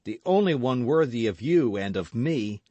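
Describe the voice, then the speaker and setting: A man's voice: medium pitch, animated, moderate pace, darkish tone, no room sound, dull audio, voice pushed up, lightly acted. A man reading an audiobook, voicing a passionate young swordsman who speaks in eager, impassioned exclamations. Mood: ardent, eager.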